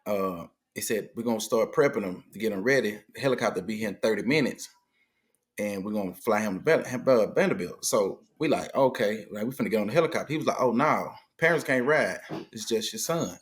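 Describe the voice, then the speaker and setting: A middle-aged man, a guest in a casual conversation, tells a story with lots of animation, acting out the people he quotes. His voice is on the low side and he talks fast.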